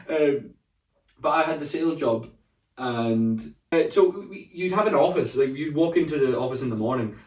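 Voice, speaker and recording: A man's voice: on the high side, expressive, normal speed, recorded from a distance. Man, rambling comic storyteller, roomy echo, off-mic. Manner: rambling storyteller, laughs a lot, shouts when mimicking. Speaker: podcast co-host. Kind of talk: casual comedic chat. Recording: roomy sound, speaking away from the mic.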